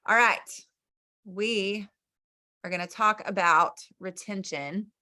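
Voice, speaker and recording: A woman's voice: mid-range voice, slow, pauses often, sharp tone. A woman hosting a team video call, chatting in an enthusiastic, encouraging way. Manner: enthusiastic, chatty, southern "y'all". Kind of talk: casual encouraging talk.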